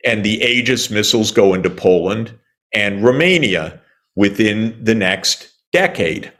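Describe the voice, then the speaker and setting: A man in his sixties from the United States, answering interview questions in an emphatic, indignant way with sarcastic asides and many pauses. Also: on the low side, expressive, a bit bright. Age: 60s. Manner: frequent "uh" pauses and restarts. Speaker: economist interviewee.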